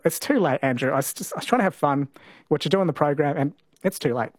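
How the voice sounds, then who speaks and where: A talkback radio host, a man with a slightly high voice, keeps things loose and playful as he quizzes callers. He talks into a studio mic that sounds close and dry. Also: expressive, quick pace, no echo. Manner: playful, chatty, laughs easily. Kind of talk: talkback radio chat and quiz.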